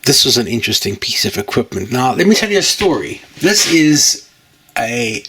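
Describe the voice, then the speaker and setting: A man's voice: medium pitch, very animated, moderate pace, noisy background. Rambling man hosting. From United Kingdom. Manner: rambling, jokey, self-correcting. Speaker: channel host. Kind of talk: casual chat to camera.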